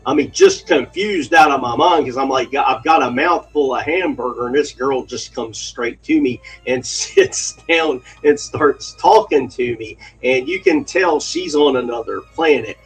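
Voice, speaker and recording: A man's voice: mid-range voice, a little slow, hardly any pauses, husky, faint music behind, low-quality recording. A man telling a crude personal story in a rambling, profane way, laughing as he goes.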